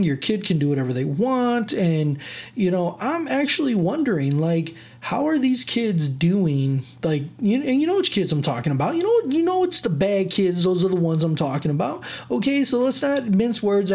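Casual vlogger with a mid-range voice, animated and dramatic, full of fillers. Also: medium pitch. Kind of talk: casual storytelling rant.

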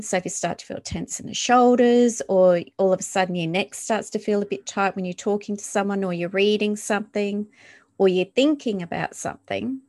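A woman hosting a solo wellness podcast, talking in a calm, reflective coaching tone and asking many rhetorical questions. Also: mid-range voice, dry recording, clean studio sound. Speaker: podcast host.

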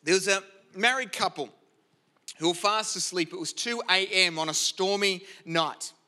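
A man's voice: sits high, moderate pace, pushed and bright. A middle-aged man preaching a sermon, praying earnestly and then telling a joke to make his point. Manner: earnest, storytelling, self-deprecating. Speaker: pastor. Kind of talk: sermon with prayer and storytelling.

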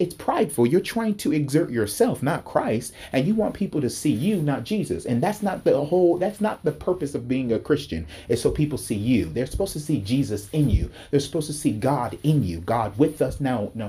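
Man, preacher, husky voice, mellow dark tone, fervent, repetitive, pitch jumps up when stirred. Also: lively intonation, a little fast, hardly any pauses. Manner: fervent, repeats himself, pitch climbs sharply when worked up. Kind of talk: impassioned sermon-style talk. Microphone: speaking to a recording device.

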